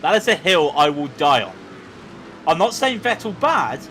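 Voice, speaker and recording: Man, sim race commentator, lively swooping pitch, fairly high voice, noisy hum behind. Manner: chatty, excitable, quick asides. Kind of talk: live race commentary chat.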